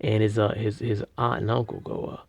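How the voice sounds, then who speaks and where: A man casually retelling a story, rambling with slang, fillers and restarts, and getting loud and animated at the big moments. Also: fairly low pitch, a little fast, gravelly, no echo. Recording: dull lo-fi recording.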